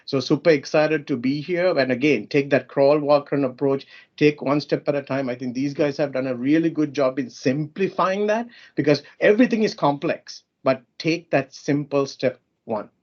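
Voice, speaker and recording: A man's voice: fairly high pitch, normal speed, a little mellow. Upbeat emphatic man on a video call. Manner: emphatic, upbeat closing remarks. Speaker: panelist, vendor representative. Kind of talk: online panel discussion. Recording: muffled video call audio.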